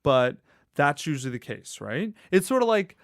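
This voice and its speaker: A man's voice: a little high, normal speed, dry recording, studio quality. A man, a podcast guest, telling personal stories in a casual, emphatic way, swearing now and then. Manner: animated, emphatic, casual swearing, acts out quoted friends. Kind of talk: casual conversational storytelling.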